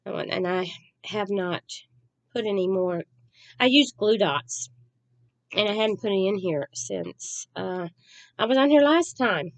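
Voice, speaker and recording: Soft-spoken rambling woman chatting about crafts, mid pitch, dry room. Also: no room sound. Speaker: crafting vlogger. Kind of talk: casual chat.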